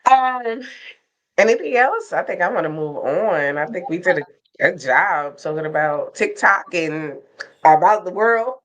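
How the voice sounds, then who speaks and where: A woman's voice: fairly low pitch, lively intonation. A woman co-hosting a casual talk podcast, telling stories with frequent laughs. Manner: storytelling, laughs often, slow drawn-out phrasing. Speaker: podcast co-host. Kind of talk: casual chat.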